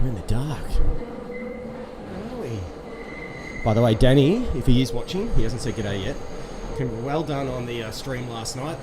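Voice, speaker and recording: An upbeat man chats his way through a live stream while pedalling an indoor bike, a little short of breath. His voice sits at a middling pitch. A clear hum of machinery runs behind him. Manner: chatty, upbeat, quizzing viewers. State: slightly out of breath from exercise. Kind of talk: casual live-stream chat.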